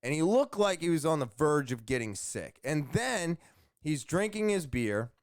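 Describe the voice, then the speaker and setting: A man's voice: fairly high pitch, sing-song, normal speed, no room sound, studio quality. A man hosting his own show, telling a long rambling story with many fillers and repeated words. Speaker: podcast host. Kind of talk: casual storytelling monologue.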